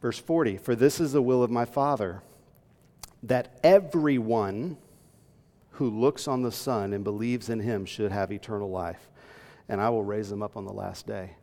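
Gravelly preacher in a reverberant hall. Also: male voice, on the low side, normal speed, darkish tone. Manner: earnest teaching, reading scripture aloud, rising to emphatic peaks. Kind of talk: sermon. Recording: long reverb in a large hall.

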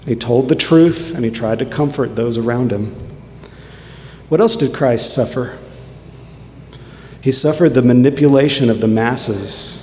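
A man preaching a sermon earnestly, moving between quiet reflection and emphatic points. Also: mid-range voice, a little hiss or hum. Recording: echoey hall with faint ambience.

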